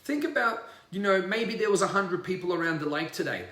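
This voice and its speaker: A man's voice: high voice, lively intonation, fairly quick, sharp tone, roomy sound. A man, a spiritual coach, ranting in a livestream monologue, emphatic and profane and repeating himself.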